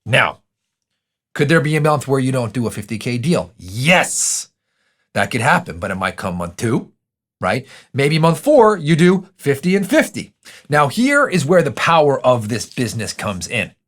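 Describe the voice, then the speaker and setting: Emphatic male podcast coach, lively pitch. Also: moderate pace. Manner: emphatic, coaching, direct address. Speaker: podcast host. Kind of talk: motivational podcast talk.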